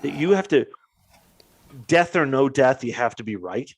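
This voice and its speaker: Swearing, animated man in casual chat. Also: mid-range voice, moderate pace, breathy edge. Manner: profane, animated storytelling with quoted dialogue. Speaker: podcast co-host.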